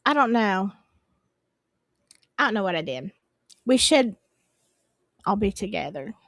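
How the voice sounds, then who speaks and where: A woman's voice: medium pitch, big pitch swings, measured pace, no room sound, clean studio sound. A woman hosting a live stream, chatting casually and apologizing in a flustered, rambling way. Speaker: livestream host.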